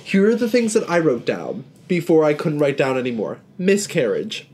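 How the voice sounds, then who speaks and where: A woman hosting a podcast in casual chat, relaxed and steering the conversation between segments. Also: sits low, moderate pace. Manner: relaxed, organized, leads the segments. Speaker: podcast host.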